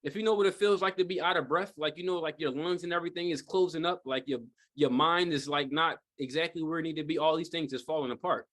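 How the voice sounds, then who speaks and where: A man's voice: a little high, fast, hardly any pauses, fairly bright tone. A man giving a live sales training talk to a group, speaking in a casual, rambling way with lots of fillers and rhetorical "right?" checks. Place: training room with a live audience.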